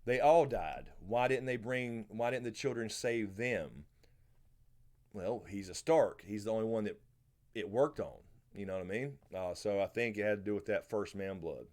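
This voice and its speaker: A man's voice: lowish voice, normal speed. A man with a Southern American accent hosting a live question-and-answer stream, chatting loosely and greeting viewers by name. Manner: relaxed, rambling, answers chat by name. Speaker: livestream host. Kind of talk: casual live Q&A chat.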